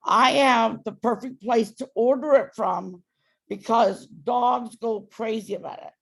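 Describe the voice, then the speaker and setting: A woman dog trainer coaches a client, walking him patiently through each step. Her voice sits a little high with a gravelly edge. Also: fairly even intonation, a little slow. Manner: patient, directive instructions.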